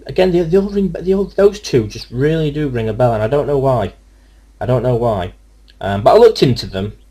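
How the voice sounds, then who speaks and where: A man's voice: on the low side, darkish tone. A young man casually commenting on his gameplay, rambling and hesitant with many fillers. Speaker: let's play gamer.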